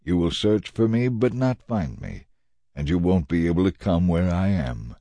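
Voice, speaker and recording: A man voicing Jesus as a calm, authoritative teacher making measured, earnest declarations in a dramatized Bible reading. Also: sits low, no echo.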